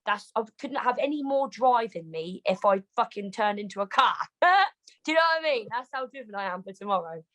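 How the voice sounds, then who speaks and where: Fast, sweary British woman boxer. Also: medium pitch, no room sound, rough recording. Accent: British English. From Britain. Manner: rapid, animated and heavily swearing. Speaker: boxer, interview guest. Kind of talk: casual interview chat. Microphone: video call.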